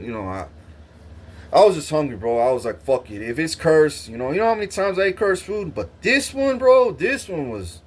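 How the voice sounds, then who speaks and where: A young man telling a long rambling story to his stream, swearing constantly, laughing and restarting his sentences. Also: on the high side. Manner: profane, rambling, laughs often, stammers and restarts. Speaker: livestreamer.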